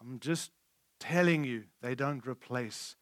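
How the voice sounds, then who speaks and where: A man preaching a conference sermon, emphatic and candid, shifting between loud declarations and hushed lines. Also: medium pitch, slow pace, dry recording. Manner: candid and conversational.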